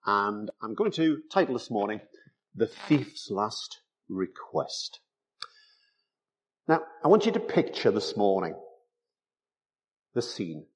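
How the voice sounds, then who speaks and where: Slow, low-voiced male preacher. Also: big pitch swings. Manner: slow, emphatic preaching with rhetorical tag questions. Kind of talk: sermon.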